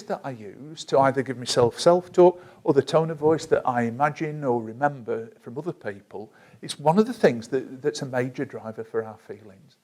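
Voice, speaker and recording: A man with a voice of ordinary middle pitch talks a listener through a self-help technique. He stays gentle and measured, and he slows down to give each instruction. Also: lively intonation. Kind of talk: calm guided instruction.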